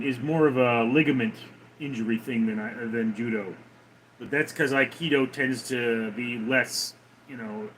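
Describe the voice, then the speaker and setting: A man's voice: medium pitch, fairly bright tone, a little hiss or hum, poor audio. A man hosting a casual livestream, laid-back as he answers viewers' chat messages one by one. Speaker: livestream host reading chat.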